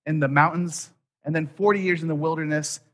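A man's voice: a little high, steady tone, brisk. Storytelling man preaching a sermon. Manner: storytelling, voices quotes, drops soft at key points. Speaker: pastor.

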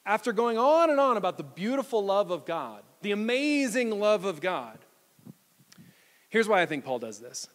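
Male pastor, bright high voice, very lively pitch, in a reverberant church hall. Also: moderate pace. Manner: animated preaching, reads scripture aloud. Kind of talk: sermon. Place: church sanctuary.

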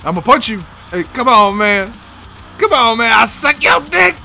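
A frantic drunk young man hollers threats and pleas from the middle of a mosh pit, as a man acts him out. The voice is bright and high, swinging wildly in pitch. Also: sing-song, normal speed, vocal fry, faint music behind, full character voice. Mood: frantic shouting. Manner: frantic, shouting, pleading.

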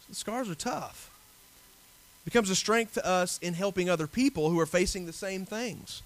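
A man preaching a sermon earnestly, building at times to forceful emphasis. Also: high-pitched, moderate pace. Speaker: pastor.

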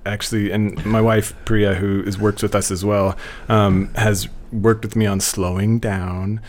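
A man from Spokane, Washington, talks casually as a podcast guest. His voice sits on the lower side. He laughs easily and often loses the thread mid-sentence. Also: flat delivery, measured pace, slight background noise. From Spokane, Washington, USA. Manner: laughs often, restarts and rambles. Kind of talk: casual chat.

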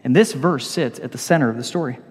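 A man preaching a sermon, telling stories with animated swings between loud and hushed delivery. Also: mid-range voice, fast talker, husky, in a large hall. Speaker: pastor.

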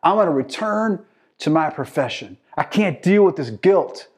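A guilt-ridden male fisherman disciple, ashamed and resigned, as a preacher voices him mid-sermon. His voice is fairly high for a man and plain, with no put-on character voice. It is told as a sermon story. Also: expressive, normal speed, a little mellow, breathy edge.

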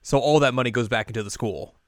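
A young man co-hosting a casual podcast, recapping an anime in a rambling, animated way and now and then jumping into high character voices. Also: quick pace, no room sound, clean studio sound. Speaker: podcast co-host.

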